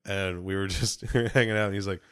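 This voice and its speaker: A man in casual chat who tells stories with animated bursts and frequent swearing. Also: low voice, a little fast, clean tone. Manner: animated storyteller, swears a lot.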